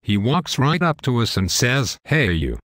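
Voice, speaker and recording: A man's voice: mid-range voice, lively intonation, unhurried, a bit bright, dry recording, clean studio sound. A young man telling a wild story in a casual, profane, matter-of-fact way. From United States. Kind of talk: casual scripted story narration.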